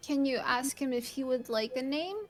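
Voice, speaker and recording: A woman's voice: sits high, steady tone, moderate pace, faint music behind. A woman playing a tabletop role-playing game, careful and polite with casual fillers. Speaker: player.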